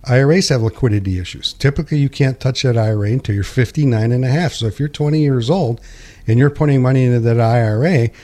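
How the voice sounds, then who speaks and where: A man with a mellow, warm voice talks through money matters like a seasoned financial advisor. His delivery is plain-spoken and steady, explaining step by step at a middling pitch. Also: quick pace. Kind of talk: conversational financial radio talk.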